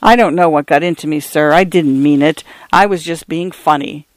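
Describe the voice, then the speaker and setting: A man's voice: fairly high pitch, fairly even intonation, normal speed, no room sound, lightly acted. Man voicing a curt, short-tempered ranch father, dry close audiobook sound. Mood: ashamed. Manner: curt, irritated, voice rising. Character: stern irritable grown ranch father.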